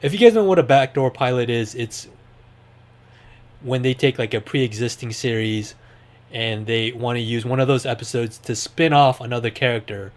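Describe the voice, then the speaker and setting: A man's voice: medium pitch, moderate pace. A man hosting a podcast, talking in a rambling, enthusiastic way with lots of fillers. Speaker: podcast host. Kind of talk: casual chat.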